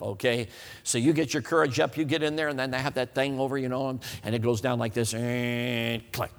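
Fairly quick and mid-range in pitch, a man's voice fills a reverberant church hall as he preaches. His sermon is folksy and funny, built on animated storytelling and frequent questions to the crowd about whether they know what he means.

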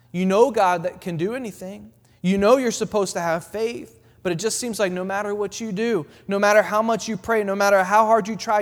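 A man preaching a sermon in a church, building his points through repeated phrases and dropping his voice soft for quoted words of comfort. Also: sits high. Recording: long reverb in a hall.

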